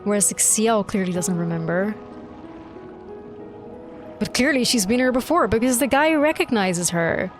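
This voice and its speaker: A young woman streamer reacting live to a game, excitable and gushing, swearing freely. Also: medium pitch, normal speed, pauses often. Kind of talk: live gameplay reaction commentary. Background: faint game music.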